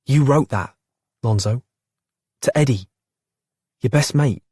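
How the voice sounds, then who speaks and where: A man voicing an eager young telegram boy, his voice pitched up, in an audiobook. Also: takes it slowly, a little mellow, breathy edge, no room sound, studio quality. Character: young working-class London telegram boy. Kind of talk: audiobook character voice.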